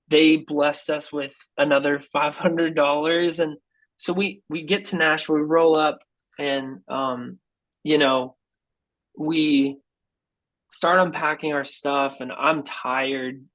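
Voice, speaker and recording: A man talks to a podcast host in a slightly high voice, casual and earnest. He keeps dropping "dude" and "like" as he tells his story. He brings the people in his story to life by voicing them. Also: poor audio. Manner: animated and earnest, says "dude" and "like" often. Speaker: guest musician.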